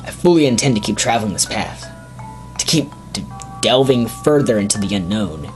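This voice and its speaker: A man's voice: lowish voice, expressive, moderate pace, lightly acted, poor audio. Keldeo, a man voicing an earnest young colt. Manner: solemn, heartfelt message reading. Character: earnest young male colt Pokemon adventurer. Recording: game music behind. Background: game music.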